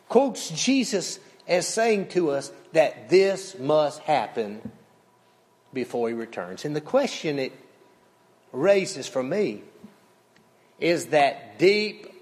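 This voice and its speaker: A man preaches from the pulpit. His delivery is slow and emphatic, rising and falling in pitch and volume. His voice sits a little high, and long reverb from a large sanctuary trails behind him. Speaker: pastor. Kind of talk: sermon. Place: church sanctuary.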